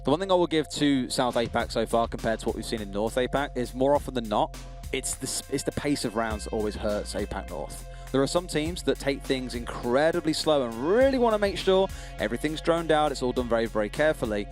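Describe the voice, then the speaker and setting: A man with a British accent casting an esports match, joking and chatty in quick banter. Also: medium pitch, lively intonation, faint music behind. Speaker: esports caster. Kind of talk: casual play-by-play commentary.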